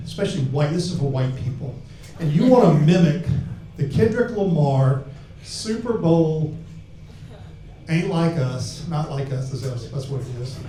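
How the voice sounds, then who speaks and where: A man's voice: fairly high pitch, darkish tone, far from the mic, a little hiss or hum. A man from Alabama doing a crude, brash stand-up set with a handheld mic on a club stage. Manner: crude, brash, rambling punchlines with audience laughter. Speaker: stand-up comedian. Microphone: handheld microphone. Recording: echoey room, heard from afar. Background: audience laughter.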